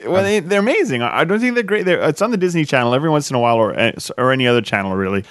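A man's voice: on the high side, sing-song, rapid-fire, a bit bright, clean tone, dry recording, clean studio sound. A man hosting a podcast in casual chat, rambling, repeating himself and laughing often. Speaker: podcast host.

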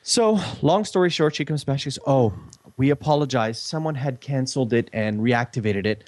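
A man's voice: mid-range voice, lively intonation, moderate pace, darkish tone, no echo. A man telling a story in a casual chat, acting out the quoted dialogue with animation.

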